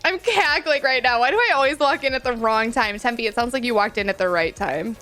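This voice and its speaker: A woman's voice: on the high side, animated, brisk, pushed and bright, soft background music. A woman livestreaming a game, chatting frankly and playfully with her viewers and laughing often. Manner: chatty, talks to viewers as friends. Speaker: livestreamer reading chat. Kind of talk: casual gaming stream chat.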